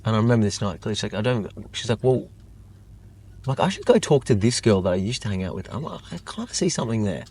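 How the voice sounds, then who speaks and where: A man's voice: on the low side, fast, breathy edge. A young man telling a long personal story in casual chat, rambling with lots of fillers. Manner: rambling, lots of "like", animated retelling. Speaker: guest.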